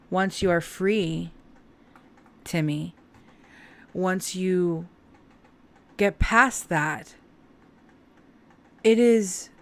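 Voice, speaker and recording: A woman doing a casual tarot reading for her viewers, speaking slowly and taking her time. Her voice sits a little low. She sounds heartfelt and openly emotional as she addresses them directly. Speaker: tarot reader.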